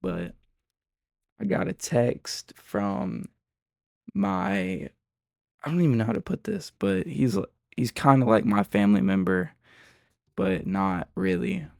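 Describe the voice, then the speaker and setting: A young man casually retelling a story in an excitable, slangy way. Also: fairly low pitch, takes it slowly, vocal fry, long pauses, no echo, studio quality.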